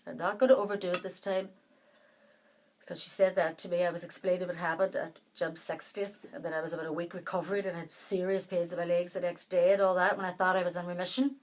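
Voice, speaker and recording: A woman vlogging in casual chat to the camera, out of breath, her talk soft and halting, often trailing off. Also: fairly low pitch, level tone, low-quality recording. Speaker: doll collector vlogger.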